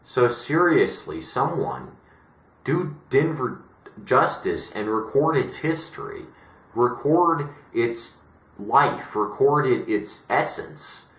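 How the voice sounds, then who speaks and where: A man's voice: mid-range voice, sing-song, takes it slowly, a bit bright, reverberant. A man from Colorado delivering an emphatic, profane, exasperated monologue as a vlogger. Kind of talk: ranting monologue.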